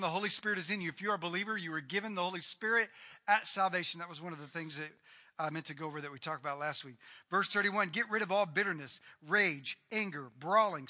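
A man preaching a sermon to his congregation, animated and conversational, rising to loud emphatic bursts. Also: high voice. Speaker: pastor.

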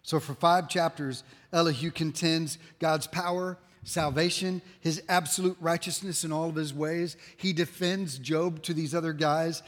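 A male pastor preaching a sermon, telling the story in an emphatic, animated way with quick asides to his listeners. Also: a little high, in a large hall.

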